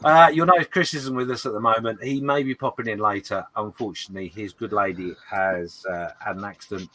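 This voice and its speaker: A man co-hosting a casual livestream chat, jokey and quick to laugh. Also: on the low side, pushed and bright, poor audio. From United Kingdom. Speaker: co-host.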